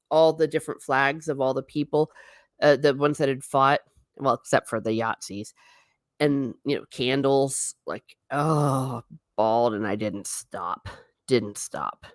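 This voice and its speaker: Low-pitched American woman host, chatty livestream rambler, dry close sound. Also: no room sound. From United States. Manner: chatty, rambling, laughs often, reads viewer comments aloud. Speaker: livestream host reading chat. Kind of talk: casual livestream chat.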